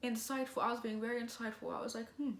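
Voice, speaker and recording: A young woman telling a story to camera in a casual, slangy, animated way. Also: a little high, rapid-fire, roomy sound. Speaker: vlogger.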